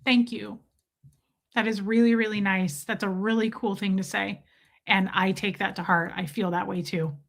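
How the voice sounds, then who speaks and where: A woman in her forties hosting a casual livestream, telling stories in an animated way and reading viewer comments aloud. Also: medium pitch, moderate pace, vocal fry. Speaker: livestream host.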